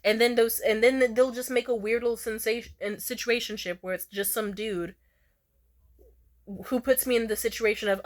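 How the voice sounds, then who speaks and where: A young woman chats through a casual storytime with a fairly high voice. She is animated and profane. She slips into squeaky high voices whenever she quotes people. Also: moderate pace. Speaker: vlogger.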